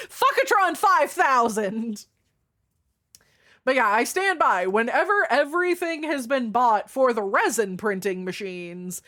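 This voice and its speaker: A woman streamer chatting casually and reading her chat aloud, frank and playful, swearing freely and jumping up in pitch now and then. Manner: chatty with sudden jumps in pitch and loudness.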